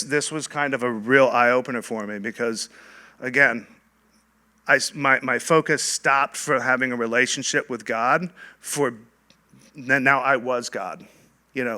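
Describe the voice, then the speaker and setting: Guy sharing his testimony at church, bright clear tone, lots of ums, super candid. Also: mid-range voice. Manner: candid and conversational, with frequent ums and restarts. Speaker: church leader giving a testimony. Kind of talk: personal testimony talk to a church group.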